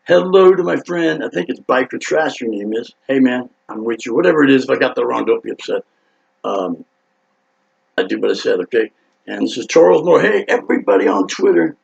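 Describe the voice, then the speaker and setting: A man telling a rambling story in a casual, excitable, profane way, acting out quotes loudly. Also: medium pitch, creaky, slightly rough, dull audio. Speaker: rock singer telling a story.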